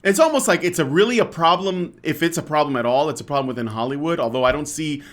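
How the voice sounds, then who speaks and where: A man's voice: fairly high pitch, quick pace, a bit bright. A male podcast host in a heated casual rant, swearing often, exasperated, stumbling through fillers and restarts.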